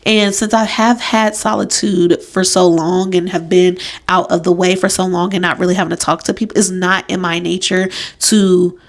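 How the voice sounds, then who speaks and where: A woman's voice: fairly low pitch, little pitch movement, normal speed, hardly any pauses. A young woman hosting a casual solo podcast from a room in her home, chatty and emphatic, laughing at herself. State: pregnant. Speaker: podcast host.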